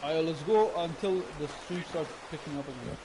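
Young man joking over loud game noise. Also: a little high, a little fast. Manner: swearing, joking banter with a story. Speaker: gamer. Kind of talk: casual gaming chat. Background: loud game sounds of water and animals.

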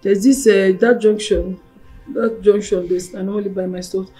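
Actress as a mellow-voiced, fussy young wife. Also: female voice, mid-range voice, fairly even intonation, moderate pace, faint music behind, close to an everyday voice. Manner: fussy, pleading. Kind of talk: Nollywood film acting.

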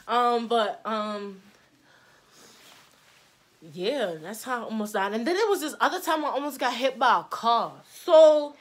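A young adult woman vlogger telling stories in casual, slangy chat, acting out the quotes with lively energy. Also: medium pitch. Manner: slangy and animated, acts out quotes.

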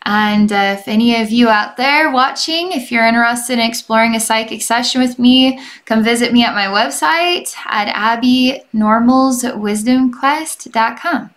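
A young adult woman giving a gentle, chatty energy healing session as a psychic, rambling and often checking in with the listener. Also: on the high side, unhurried, few pauses. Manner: gentle and reassuring toward the listener. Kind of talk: relaxed guided healing session.

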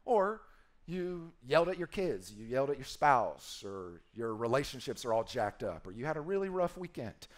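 A man's voice: mid-range voice, big pitch swings, normal speed. A man preaching a sermon as a pastor, playful and emphatic, acting out quoted voices and repeating key phrases.

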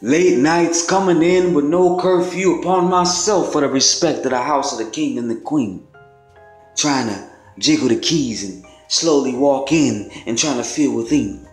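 Slow, echoey male spoken word poet. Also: mid-range voice. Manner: measured, dramatic first-person delivery. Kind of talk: spoken word poetry performance. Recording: roomy echo. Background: faint music.

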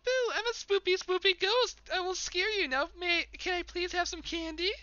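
A man voicing a little girl ghost who playfully asks for candy in a squeaky, high voice. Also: fairly even intonation, normal speed, sharp tone, no room sound, highs cut off. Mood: playful spooky.

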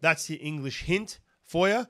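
A man's voice: on the high side, measured pace, pushed and bright, dry recording, studio quality. A man with an Australian accent hosting a podcast interview, talking animatedly with a lot of restarts and fillers. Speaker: podcast host. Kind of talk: casual interview chat.

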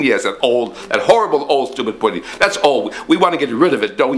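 A man hosting a comic children's show, rambling excitedly and talking straight to the kids. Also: medium pitch, fast, hardly any pauses. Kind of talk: comic puppet-style kids' show patter.

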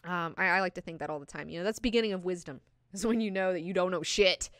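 A woman hosting a book club, talking casually and excitedly with lots of swearing and fillers. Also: on the low side, fast talker, no echo, studio quality.

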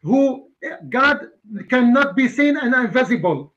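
A man in a debate, speaking haltingly with non-native grammar as he cites verses. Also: very high-pitched, big pitch swings, fairly bright tone, lo-fi sound. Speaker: Muslim debater. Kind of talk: heated debate.

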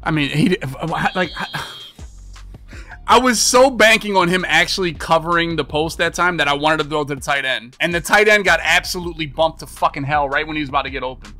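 A man's voice: on the high side, brisk, bright, forceful tone, soft background music. A young man giving casual, profane, exasperated commentary while playing a video game, with slangy talk, groans and sudden outbursts.

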